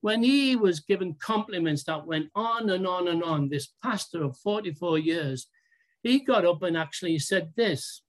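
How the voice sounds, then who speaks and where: Slow, emphatic preacher. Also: mid-range voice, animated. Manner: deliberate, emphatic, with rhetorical questions. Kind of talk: sermon.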